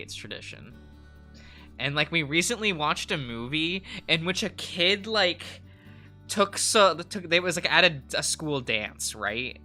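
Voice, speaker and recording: A man's voice: a little high, bright, forceful tone. A man chatting casually on a live drawing stream, rambling with lots of fillers and frequent giggles.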